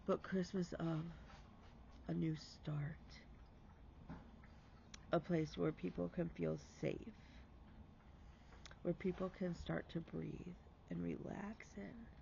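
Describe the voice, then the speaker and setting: A man's voice: sits high, creaky, darkish tone, dull audio, a little hiss or hum. A man hosting a stitching vlog, telling a heartfelt story in casual chat and dropping to a whisper for emphasis.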